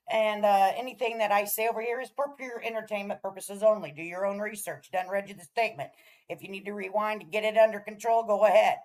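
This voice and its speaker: A woman's voice: medium pitch, fairly even intonation, fast, darkish tone, low-quality recording. A woman hosting a casual reaction stream, talking in a sassy, blunt, profane way. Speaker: commentary streamer host.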